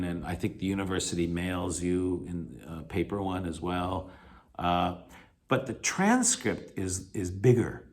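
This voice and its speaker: A man's voice: low-pitched, gravelly. A man teaching a recorded video lecture, explaining with many fillers and self-corrections and stressing key points. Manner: emphatic, encouraging. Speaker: English teacher.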